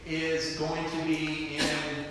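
Pastor guy preaching slow, gets loud then real quiet, long reverb. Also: a little high, completely flat delivery. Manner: emphatic preaching, swinging from loud to hushed. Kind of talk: sermon. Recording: echoey hall, faint room noise.

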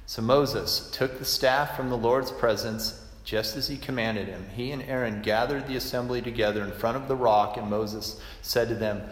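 A man's voice: medium pitch, steady tone, moderate pace, hardly any pauses. A man preaching a sermon in a conversational, self-deprecating way, often restarting his sentences. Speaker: pastor. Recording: echoey hall reverb.

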